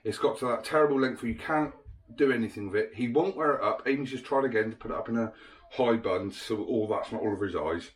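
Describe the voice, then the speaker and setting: A man's voice: mid-range voice, quick pace. A man, a parent, explaining his plan in a casual family vlog, chatty and persuasive. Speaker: parent vlogger.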